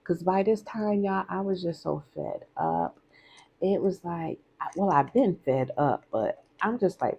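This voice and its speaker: A woman's voice: on the low side, sing-song, unhurried, darkish tone, a little hiss or hum. A woman telling a personal story in a candid, conversational vlog, often repeating herself for emphasis.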